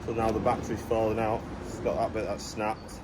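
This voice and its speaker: A man chatting casually to camera while clearing land outdoors. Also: fairly low pitch, monotone, brisk. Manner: chatty, jokey, talks to camera while working. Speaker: vlogger. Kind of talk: casual outdoor vlog chat. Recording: noisy outdoor background.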